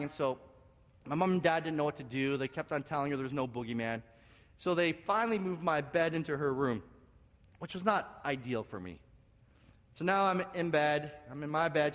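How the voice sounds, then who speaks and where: Canadian pastor guy, high voice, animated storytelling sermon, church hall reverb. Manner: animated, repeats words and restarts, shifts from hushed to loud. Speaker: senior pastor. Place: church sanctuary.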